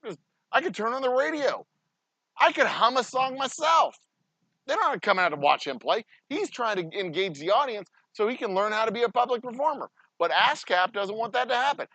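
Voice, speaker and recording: A profane man running his own distillery vlog, ranting and rambling in a high voice that swoops wildly up and down. The tone is bright and edgy, and the sound is close and dry with no room around it. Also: animated, fairly quick, no echo, lo-fi sound. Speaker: distillery owner. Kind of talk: casual behind-the-scenes vlog talk.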